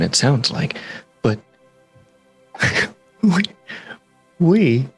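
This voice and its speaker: A man's voice: medium pitch, slightly rough, dry recording. A man playing his character in a tabletop game, earnest, curious and a bit hesitant. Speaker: player voicing his character. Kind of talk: in-character tabletop role-play.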